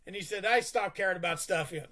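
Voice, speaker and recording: A man's voice: high-pitched, quick pace, pushed and bright. A man co-hosting a sports podcast, telling a long, rambling story in a casual way, full of restarts and stammers. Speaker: podcast co-host.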